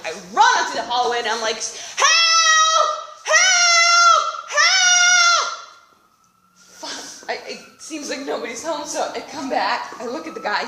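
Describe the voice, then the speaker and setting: A woman from Europe tells a wild story on a theater stage, animated and swearing. Her voice is high, bright and very lively. The room gives an echo. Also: slight background noise. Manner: animated, swearing, acts out dialogue. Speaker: solo comedy performer. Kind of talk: live storytelling to an audience. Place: theater stage with live audience.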